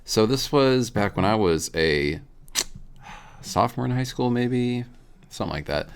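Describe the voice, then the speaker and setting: A man's voice: lowish voice, animated, a little slow, gravelly, clear, resonant tone. A young man co-hosting a casual talk show, rambling and laughing as he tells a story. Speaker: podcast co-host.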